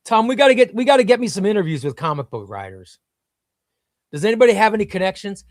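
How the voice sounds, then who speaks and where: A live comics show host reads viewer comments aloud while chatting with rambling, casual enthusiasm. His high voice is sing-song and quick-paced, recorded at studio quality with no room sound.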